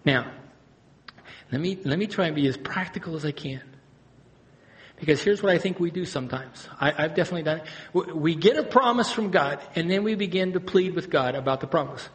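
A man, the pastor, preaching a sermon, moving between hushed, low passages and loud, high-pitched emphasis. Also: lively intonation, brisk.

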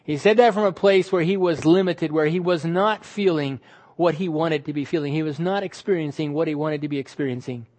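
High-voiced man preaching emphatically. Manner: emphatic, drawn-out words, sudden drops to quiet. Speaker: pastor. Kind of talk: sermon.

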